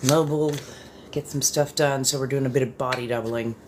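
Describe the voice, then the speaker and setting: A woman's voice: rumbling low, steady tone, fairly quick, background noise. A tired woman who is just waking up, chatting bluntly and casually on a body-doubling livestream and swearing freely. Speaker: livestream host.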